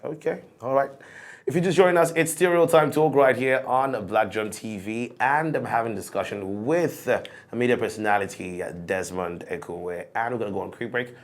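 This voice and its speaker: A man's voice: medium pitch, a little fast, hardly any pauses. A man hosting a studio talk show, pressing his guest with repeated questions.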